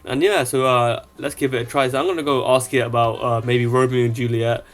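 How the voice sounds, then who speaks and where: A man's voice: medium pitch, steady tone, brisk, soft background music. A man casually showing off an app he built, rambling with lots of fillers. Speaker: app developer. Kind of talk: casual product demo.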